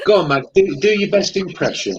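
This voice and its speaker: A man's voice: sits high, expressive, fairly quick, breathy edge, highs cut off. A man chatting casually as co-host, playful and mock-offended in the banter. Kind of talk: casual chat.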